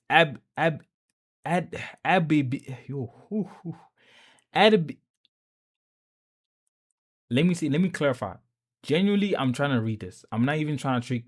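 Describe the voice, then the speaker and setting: Lively South African man reacting. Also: fairly high pitch. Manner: profane, stumbling when reading aloud. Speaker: reaction video host. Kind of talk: casual reaction commentary.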